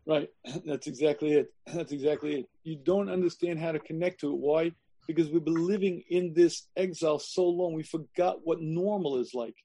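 A man lecturing as a rabbi, emphatic, repeating his phrases and often clearing his throat, on a video call. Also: a little high, moderate pace, warm tone. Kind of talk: sermon-style lecture.

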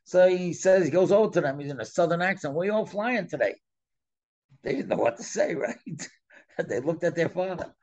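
A middle-aged man telling a story in an animated way, often letting his voice drop soft. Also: on the high side, brisk, lo-fi sound. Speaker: storyteller guest. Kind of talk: conversational storytelling.

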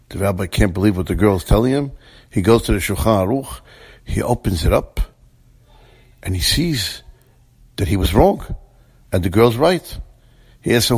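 A man telling a story with lively, animated voices for each character. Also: lowish voice, normal speed, gravelly, pauses often. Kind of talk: storytelling, acting out dialogue.

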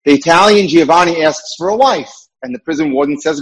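A man's voice: on the high side, expressive, brisk, few pauses, husky, low-quality recording. A man who works as a dating mentor, giving an emphatic lecture with repeated points.

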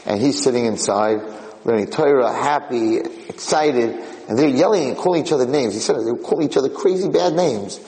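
A man's voice: medium pitch, fairly quick, in a large hall, low-quality recording. A man teaching an informal Torah class as a rabbi, telling stories animatedly and repeating himself. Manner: animated storyteller, repeats and restarts phrases.

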